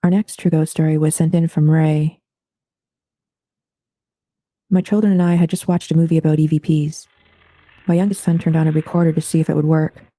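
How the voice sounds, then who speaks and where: A man hosting an open panel, reading listeners' true ghost stories aloud in a steady, even storytelling delivery. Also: fairly high pitch, fast talker, no echo. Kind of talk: scripted true-story narration.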